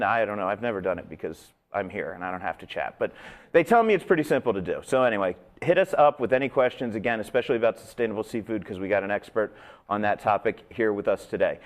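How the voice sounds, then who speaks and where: A man hosting a studio talk show in a casual, joking manner. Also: mid-range voice. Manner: joking, chatty. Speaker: host.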